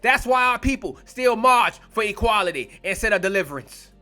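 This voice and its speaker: High bright-voiced man preaching bluntly. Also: animated, faint music behind. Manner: blunt, confrontational, profane; drawls key words slowly for emphasis. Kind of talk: fiery online sermon.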